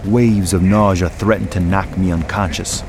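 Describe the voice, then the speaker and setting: A man reading a first-person horror story in a measured, grave way. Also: sits low, steady tone, over music. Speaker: narrator.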